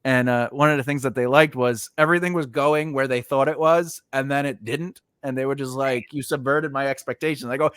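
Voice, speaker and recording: A man's voice: medium pitch, steady tone, a little fast, few pauses, fairly bright tone, smooth, dry recording, clean studio sound. A man hosting a casual chat over a video call, telling rambling stories full of fillers and restarts. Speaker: podcast host.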